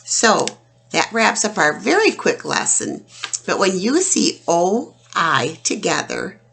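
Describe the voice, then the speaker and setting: A woman teacher giving a phonics lesson to children, sounding out each word slowly and clearly. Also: lowish voice, very animated, fairly bright tone, a little hiss or hum. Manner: slow, clear, drawn-out sounding out of words.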